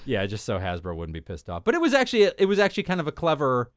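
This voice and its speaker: A man's voice: mid-range voice, wildly swooping pitch, fast, a little hiss or hum. A man co-hosting an entertainment podcast, chatting casually with wry jokes. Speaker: podcast co-host. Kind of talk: casual chat.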